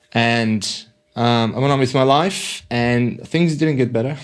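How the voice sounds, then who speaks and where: A young man from Iran, a podcast guest sharing a personal faith story in a halting way, with restarts and fillers. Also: mid-range voice.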